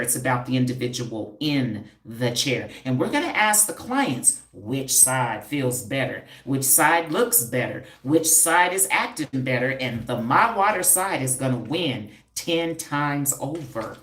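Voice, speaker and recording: Woman host, deep-pitched, sassy livestream banter, roomy echo. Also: fairly bright tone. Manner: sassy, confrontational, streetwise banter with rhetorical questions. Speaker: holistic hair and scalp practitioner hosting a live stream. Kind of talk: livestream chat answering viewer comments.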